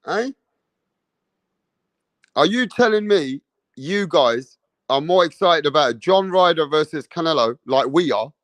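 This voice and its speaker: A man's voice: fairly high pitch, animated, unhurried, long pauses, a bit bright, no echo. A man hosting a boxing live stream, talking casually and swearing while reading viewer comments. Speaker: boxing channel host.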